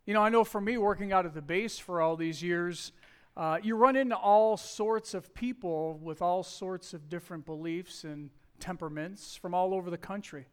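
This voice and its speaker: A man's voice: sits high, moderate pace, clean tone. A middle-aged man preaching a sermon, telling a personal story in a conversational way and acting out the quoted dialogue.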